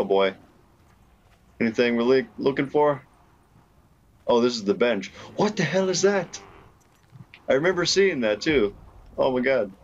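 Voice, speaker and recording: Slow-talking, excitable young man. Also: medium pitch, highs cut off. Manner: excitable, laughing, rambling reactions. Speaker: gaming YouTuber. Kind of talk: casual gameplay commentary. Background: game music.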